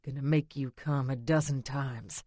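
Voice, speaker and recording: Woman putting on a bearded, possessive man, low rasping murmur, very deep, dry close sound, audiobook. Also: fairly even intonation, a little slow, warm tone, no echo.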